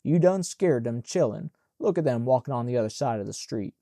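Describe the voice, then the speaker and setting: A man's voice: mid-range voice, animated, brisk, mellow, no room sound, studio quality, natural voice. A man voicing a weary young male servant speaking in folksy Southern dialect.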